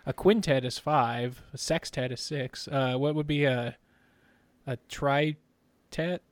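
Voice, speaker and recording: A man's voice: mid-range voice, takes it slowly, no room sound. A man co-hosting a podcast in casual chat, rambling and trailing off while giggling. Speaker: podcast co-host.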